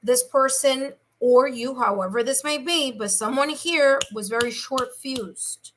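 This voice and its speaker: A woman's voice: high-pitched, fairly bright tone, a little hiss or hum. A woman giving a live tarot reading to her viewers, chatty, often asking "okay?" and stretching out key words. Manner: chatty, repeats "okay?" and "here's the thing"; speaks to viewers directly, slows to stress key words. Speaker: tarot reader.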